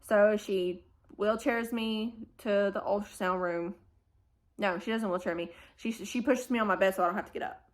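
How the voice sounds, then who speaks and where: A woman's voice: medium pitch, moderate pace. A woman, telling a family vlog storytime and acting out the people in it. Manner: animated retelling, acting out quoted dialogue. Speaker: family vlogger. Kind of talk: storytime recounting a hospital stay.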